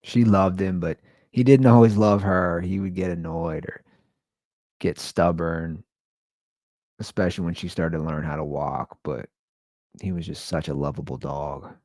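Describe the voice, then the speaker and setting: A man's voice: deep voice, fairly even intonation, measured pace, darkish tone, no room sound. A man hosting his own show, talking in a somber, rambling, conversational monologue. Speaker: podcast host. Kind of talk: casual solo monologue.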